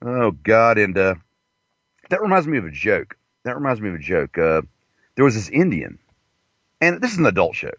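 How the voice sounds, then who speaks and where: A man's voice: lowish voice, wildly swooping pitch, moderate pace, long pauses, a bit bright, dry recording. A man doing a rambling, profane comedy monologue from inside a parked car. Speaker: comedian host. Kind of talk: crude stand-up monologue. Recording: dull lo-fi, dry.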